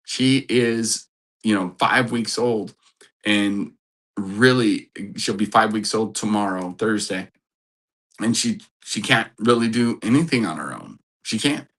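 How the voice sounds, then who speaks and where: Earnest, bright-voiced middle-aged man. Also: lowish voice, animated, unhurried. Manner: earnest, rambling, with restarts and laughs. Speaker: relationship coach. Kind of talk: motivational talk to camera.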